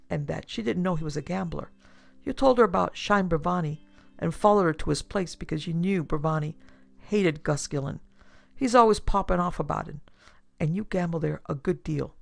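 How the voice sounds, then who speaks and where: A woman voicing a calm, amiable male detective who lays out his accusations in a casual, even tone. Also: on the low side, vocal fry, no echo.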